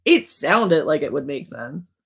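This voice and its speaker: A woman's voice: low voice, big pitch swings, a little slow, vocal fry, slightly rough. A young woman hosting a livestream, chatting casually and joking as she rambles. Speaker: livestream host, author. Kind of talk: casual chat.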